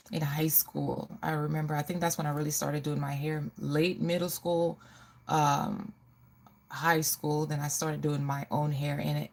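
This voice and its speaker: Woman, forties, from the Caribbean, livestream host, casual chat while styling hair, fry in the voice. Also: deep voice, darkish tone. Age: 40s. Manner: chatty, talks to viewers while working. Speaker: livestream beauty and fashion host.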